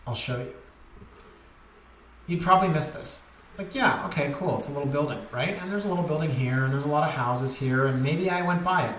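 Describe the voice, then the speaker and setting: A man working as a real estate agent, chatting candidly and wandering off topic as he goes over listings. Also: medium pitch. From Canada. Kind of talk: casual market commentary over listings. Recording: echoey room with faint noise.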